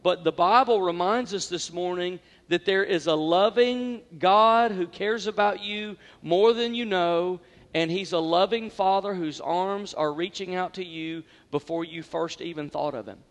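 High-voiced male pastor preaching, heartfelt and chatty, lots of restarts, long reverb from the church hall. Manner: conversational, heartfelt, with repetitions and restarts. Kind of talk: sermon. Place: church sanctuary.

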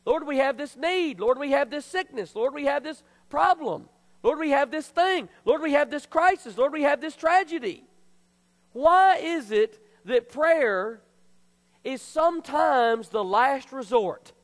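A man preaching a sermon as pastor, passionate and then quiet and confessional. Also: very high voice, lively intonation, measured pace. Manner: emotional, confessional preaching that drops to a hush. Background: soft piano music.

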